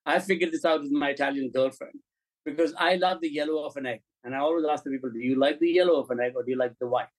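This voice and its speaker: A man, a film and commercial director, telling anecdotes in an interview, animated and blunt, acting out dialogue and swearing now and then. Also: fairly high pitch, quick pace, poor audio. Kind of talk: interview storytelling.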